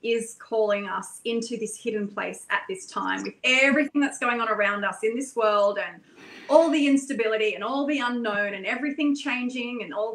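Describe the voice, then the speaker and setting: A woman with a somewhat high voice speaks earnestly in a casual chat. Her words flow on with fillers and small repeats. The sound is echoey, as if recorded in a bare room. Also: a bit bright. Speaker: guest.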